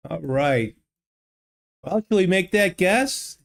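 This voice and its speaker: A man's voice: high voice, animated, slow pace, vocal fry. A man live-streaming a geography guessing game, thinking aloud and chatting casually with his viewers. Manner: thinks aloud, muses and answers viewers' chat. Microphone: desk microphone.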